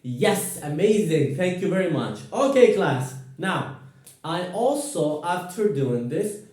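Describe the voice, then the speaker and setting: A man teaching a grammar lesson to a class, slow and encouraging, repeating words for students to echo. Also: sits high, big pitch swings, a little mellow. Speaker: English teacher. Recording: echoey room, voice far from mic.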